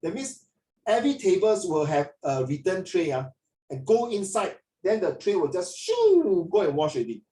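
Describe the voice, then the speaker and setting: A man's voice: high voice, wildly swooping pitch, normal speed, dark tone, reverberant, recorded from a distance. A male teacher with a Singaporean accent, chatting through an online class in Singlish and bits of Mandarin.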